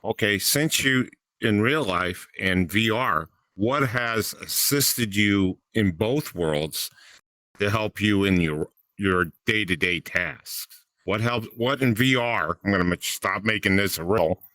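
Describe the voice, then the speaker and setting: Bright-voiced man fumbling his questions. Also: on the low side, takes it slowly, dry recording. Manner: rambling, stumbling over his questions. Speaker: podcast co-host. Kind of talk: casual podcast conversation.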